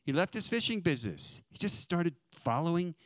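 A man preaching a sermon, retelling scripture with animated storytelling and acted-out quotes. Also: a little high, normal speed, dry recording, clean studio sound.

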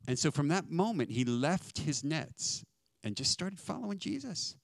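A man preaching a sermon, retelling scripture with animated storytelling and acted-out quotes. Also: a little high, moderate pace, vocal fry, dry recording, clean studio sound.

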